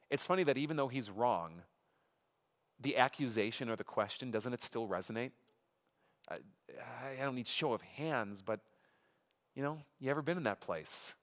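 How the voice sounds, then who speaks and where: A man's voice: medium pitch, lively intonation, moderate pace, a bit bright. Man teaching scripture in a reverberant hall. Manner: reads scripture aloud with emphatic rises, asides to the congregation. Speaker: pastor teaching a Bible study. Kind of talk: conversational sermon. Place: church sanctuary.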